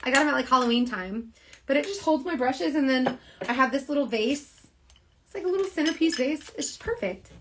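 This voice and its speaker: A woman runs a casual live stream selling makeup, her voice sitting a little high. She rambles earnestly, stacking fillers as she talks. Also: expressive, fairly quick, slight background noise. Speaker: makeup seller.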